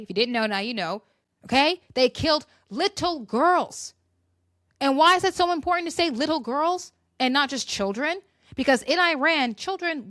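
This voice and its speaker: A woman's voice: on the high side, a bit bright, dry recording, clean studio sound. A young woman ranting through political commentary, heated, sarcastic and emphatic. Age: young adult. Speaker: commentary vlogger.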